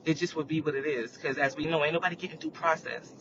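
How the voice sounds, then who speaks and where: A man's voice: steady tone, fast. A man hosting a casual live chat, rambling about current events and checking in with viewers with "you know what I mean". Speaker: livestream host. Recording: muffled lo-fi audio with faint rumble.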